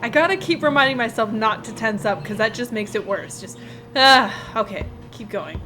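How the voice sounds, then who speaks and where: A woman's voice: a little high, lively intonation, normal speed, pushed and bright, soft background music. A woman playing a horror game and commenting as she goes, nervous, muttering to herself and laughing from fear. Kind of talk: let's play commentary. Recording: home recording with noticeable background noise. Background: passing traffic noise.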